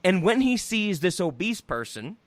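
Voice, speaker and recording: A man hosting a podcast, retelling a comedy film in an animated, incredulous way. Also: high-pitched, normal speed, no echo. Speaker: podcast host. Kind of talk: casual chat.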